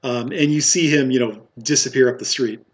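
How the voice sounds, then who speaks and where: A man's voice: mid-range voice, fairly quick. A man running a tabletop game as game master, narrating with many fillers and frequent laughs.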